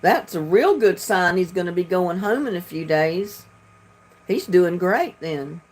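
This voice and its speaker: A woman's voice: on the low side, expressive, a little slow, darkish tone. An older woman hosting a casual home livestream, chatting with viewers in a homey, easygoing way. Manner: chatty, homey, talks about fixing things herself. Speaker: livestream host. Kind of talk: casual chat reading viewer comments.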